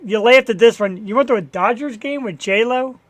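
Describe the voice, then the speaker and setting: A man's voice: very high-pitched, normal speed, a bit bright. A male podcast host who jokes around and laughs often while interviewing a guest.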